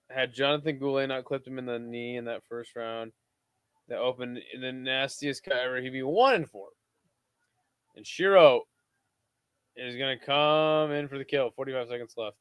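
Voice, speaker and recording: A weary young man streams a watch-along, half calling the action and half chatting, cursing freely in a laid-back drawl. His voice is smooth and resonant. The sound is dry and close, with no room around it. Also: mid-range voice, moderate pace, a bit bright, no room sound. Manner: laid-back, swears freely, drifts between play-calling and chat. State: tired. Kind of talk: casual live commentary.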